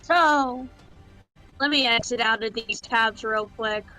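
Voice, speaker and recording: A woman playing in a tabletop game over a call, slowly and evenly recapping the last session. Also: a little high, bright, forceful tone, soft background music, low-quality recording. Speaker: player. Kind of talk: casual game chat.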